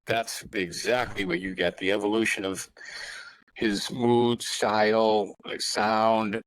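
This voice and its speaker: A man's voice: fairly low pitch, flat delivery, slow pace, a bit bright, no echo, low-quality recording. A man in his sixties, a guest musician in a casual podcast interview, telling rambling anecdotes full of asides.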